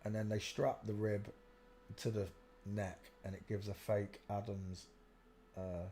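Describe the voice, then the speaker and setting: Pointing at pictures and telling viewers to "look" again and again, a man rambles casually through his live stream. He's on the low side, flat and measured, with a mellow sound and a little hiss or hum in the recording.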